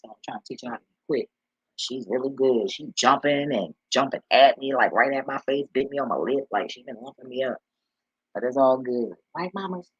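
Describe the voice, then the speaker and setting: Husky guy just rambling and cussing on his vlog, dry dull lo-fi sound. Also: medium pitch, a bit bright, no room sound. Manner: loose, profane, laughing storyteller. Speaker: vlogger and delivery driver. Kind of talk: casual rambling monologue.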